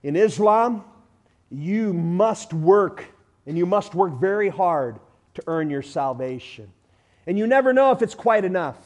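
A man preaching a sermon with emphatic delivery, swinging from loud declarations to hushed lines, with everyday illustrations and humor. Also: high voice, animated, unhurried.

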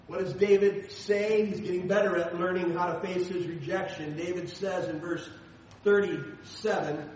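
High-voiced pastor preaching in a big echoey hall. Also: male voice, moderate pace, distant mic, a little hiss or hum. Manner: animated, conversational preaching with rhetorical questions. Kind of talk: sermon. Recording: echoey hall, from afar, faint ambience.

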